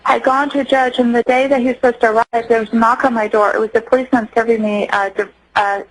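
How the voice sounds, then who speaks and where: A middle-aged woman speaks with a fairly high voice as a guest on a radio broadcast. She tells her story earnestly and stops to restart her sentences. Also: steady tone, poor audio. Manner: earnest, acts out quoted voices, halting restarts. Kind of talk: radio interview, personal account.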